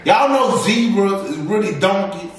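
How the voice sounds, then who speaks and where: A young man banters through a snack review, teasing his co-host in loose slang. His voice sits a bit high. It rings in a bare, echoey room and is picked up from some distance off the mic. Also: animated, unhurried. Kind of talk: casual food review banter.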